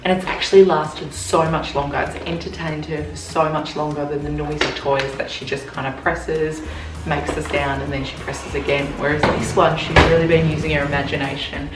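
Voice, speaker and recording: A young Australian woman narrating a home parenting vlog in a soft, hushed voice. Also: deep voice, level tone, moderate pace. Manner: soft, hushed voice, keeping quiet for someone asleep. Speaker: parenting vlogger. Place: family home. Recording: roomy and distant with music behind.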